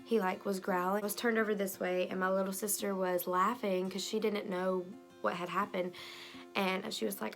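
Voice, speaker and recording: A woman's voice: mid-range voice, normal speed. Young female vlogger, chatty storytime delivery, phone mic, faint background music. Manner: fillers and lively retelling with quoted voices. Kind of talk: storytime vlog.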